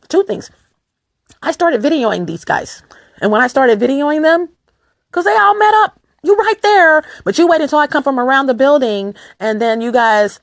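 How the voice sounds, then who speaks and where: A woman vlogging to her viewers in a casual, rambling monologue, emphatic and repeating words in quick bursts, with her voice going lower and rough.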